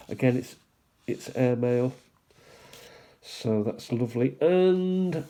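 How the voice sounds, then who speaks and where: A man hosting a stamp collecting channel, musing aloud in an unhurried way as he shows stamps one by one, with small asides. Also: mid-range voice, dark tone. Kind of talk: casual show-and-tell commentary.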